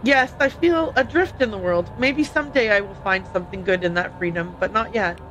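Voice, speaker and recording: A woman's voice: medium pitch, a little fast, fairly bright tone, a little hiss or hum, close to an everyday voice, rough recording. A woman reading a young freed woman's game dialogue aloud in her own plain, upbeat tone. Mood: sorrowful. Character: young woman, freed slave, grieving and adrift.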